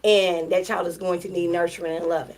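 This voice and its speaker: A woman's voice: lowish voice, level tone, a little fast, darkish tone. A middle-aged woman speaking frankly and plainly on a casual panel.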